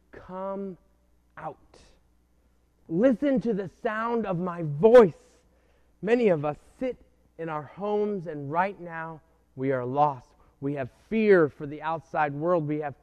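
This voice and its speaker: A man preaches slowly and earnestly, with a voice sitting a little high for a man. He leaves long pauses and keeps turning to the listener with questions. The recording sounds muffled and lo-fi. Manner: earnest, pausing, rhetorical questions. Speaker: pastor. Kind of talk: sermon. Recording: dull lo-fi recording.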